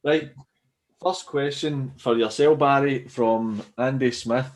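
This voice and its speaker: A man's voice: mid-range voice, steady tone, slow. A Scottish man co-hosting a football podcast, reading listener questions in a laid-back, blunt way. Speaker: podcast co-host.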